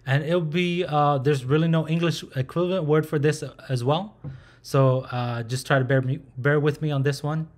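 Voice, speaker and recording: A man's voice: a little high, steady tone, moderate pace. A man teaching a recorded language lesson. He speaks patiently, sounds out syllables and repeats them aloud.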